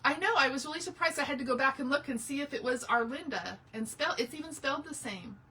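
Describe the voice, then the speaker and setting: A woman's voice: sits high, fast, bright, forceful tone, far from the mic. A woman hosting a casual live craft tutorial, chatting and greeting viewers by name as she works. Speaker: craft livestream host.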